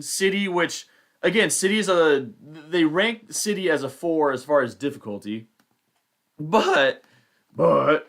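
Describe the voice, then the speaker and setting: A man's voice: a little high, fairly bright tone. Rambling man thinking aloud on stream. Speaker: fantasy football livestream host. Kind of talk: casual live-stream commentary.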